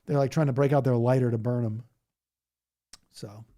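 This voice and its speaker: A man's voice: mid-range voice, fairly even intonation, moderate pace, mellow. Rambling, laughing male streamer. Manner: rambling, laughing, mocking impressions. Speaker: livestream host. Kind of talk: casual chat reacting to viewer comments.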